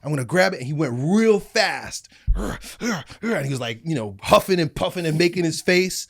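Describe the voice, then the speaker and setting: A middle-aged man, a guest on a studio podcast, telling animated stories and acting out the people in them. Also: fairly high pitch, a little slow. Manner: animated storytelling, acts out voices in anecdotes. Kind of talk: casual studio conversation.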